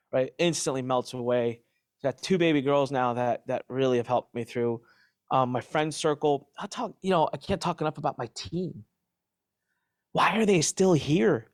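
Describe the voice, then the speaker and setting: Middle-aged man, interview guest, animated and emphatic, dry sound. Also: mid-range voice, no room sound. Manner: emphatic, animated retelling with restarts. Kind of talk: candid interview answers.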